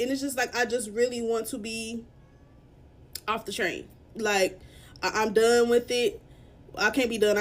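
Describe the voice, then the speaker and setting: A young woman with a fairly high voice tells a storytime vlog into her phone camera. She speaks in a halting, upset way, full of fillers and restarts, and sounds near tears. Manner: tearful at moments. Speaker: vlogger.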